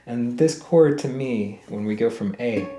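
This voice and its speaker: This is a friendly step-by-step ukulele lesson from a man who counts beats aloud, hums the melody, and addresses viewers as "guys." He speaks at medium pitch in an unhurried way, with a roomy echo and ukulele heard in the recording.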